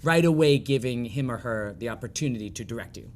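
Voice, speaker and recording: A man's voice: mid-range voice, lively intonation, fast talker, a crowd in the background. A man guest on a podcast, chatting casually and thoughtfully about auditions and acting work. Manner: reflective, tells audition stories with acted quotes. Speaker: guest choreographer and performer. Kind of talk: casual interview chat.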